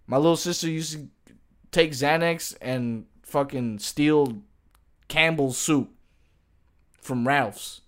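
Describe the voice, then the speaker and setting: A man's voice: medium pitch, smooth. A man and streamer ranting jokingly to camera in a casual, profane, slang-heavy way. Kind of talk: casual comedic rant to camera.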